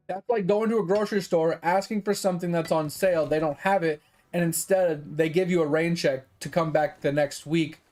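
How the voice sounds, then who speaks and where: A man's voice: high voice, a little mellow. A man streaming games, ranting in casual chat, exasperated and swearing freely. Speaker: gaming streamer.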